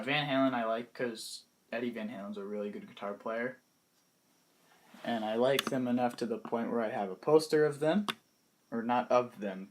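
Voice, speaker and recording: A young man in his late teens casually talking through his favorite music in a vlog, hesitant and pausing often, his words trailing off softly. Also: mid-range voice, a little hiss or hum. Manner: hesitant, many pauses and restarts, trailing off softly. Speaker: vlogger.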